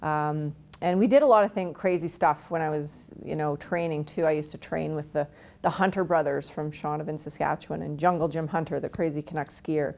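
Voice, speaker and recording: Deep-voiced with vocal fry and a darkish tone, she talks briskly and with fairly even intonation. A Canadian woman in her forties who once played hockey, she recounts stories frankly in an interview, laughing often and making fun of herself.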